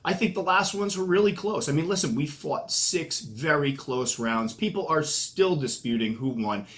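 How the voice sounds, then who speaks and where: A man's voice: on the high side, animated, normal speed, fairly bright tone. Joking New England man talking to camera. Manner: joking, self-mocking trash talk. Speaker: tarantula keeper and channel host. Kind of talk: casual vlog talk to camera, mock fight interview.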